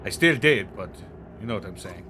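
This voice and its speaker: A man's voice: fairly low pitch, expressive, normal speed, voice pushed down, close to an everyday voice. A man reading aloud the lines of a rambling, oddball male rogue from a video game, in a matter-of-fact storytelling way. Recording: noisy background hiss.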